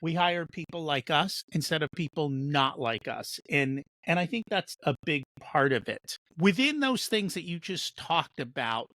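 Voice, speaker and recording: A man's voice: fairly high pitch, animated, unhurried, few pauses, pushed and bright, no echo, studio quality. A man hosting a business podcast, talking through points reflectively with his guest. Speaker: podcast host. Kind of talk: conversational interview.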